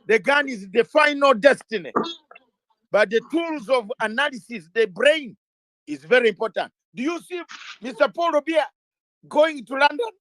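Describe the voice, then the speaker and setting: A man's voice: very high voice, lively intonation, moderate pace, fairly bright tone, no echo. A middle-aged man, a lawyer being interviewed, speaking in an impassioned way, firing rhetorical questions and repeating phrases for emphasis.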